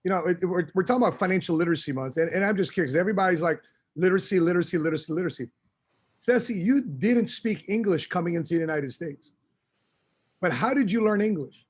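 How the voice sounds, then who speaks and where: A man hosting a podcast, asking questions in a quick, joking way with repeated words. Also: sits high, expressive, slightly rough. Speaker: podcast host.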